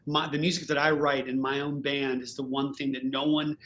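A man's voice: mid-range voice, level tone, a little fast, a bit bright, lo-fi sound, a little hiss or hum. A man hosting a casual podcast conversation, speaking in an earnest, heartfelt way with run-on thoughts. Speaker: host, musician.

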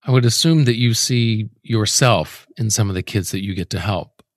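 A man interviewing a guest, asking measured, low-key questions. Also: dry recording, clean studio sound.

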